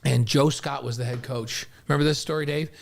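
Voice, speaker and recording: A man's voice: mid-range voice, a little fast, creaky. A man who hosts a sports podcast and works as a game broadcaster, telling a story in casual chat and acting out the quotes. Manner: energetic anecdote telling, acts out quotes.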